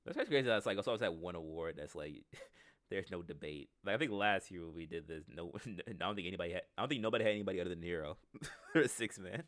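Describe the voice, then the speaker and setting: Male co-host, deep, animated and rambling, casual basketball chat, dry mic. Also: fast, no room sound. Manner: loose, rambling, laughs often. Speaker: podcast co-host.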